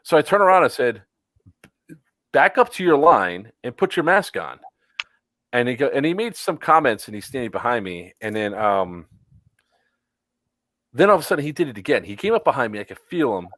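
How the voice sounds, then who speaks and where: A man's voice: mid-range voice, big pitch swings, fast, fairly bright tone, dry recording, low-quality recording. A man co-hosting a casual chat, telling a story with many fillers and acted-out quotes. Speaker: podcast co-host.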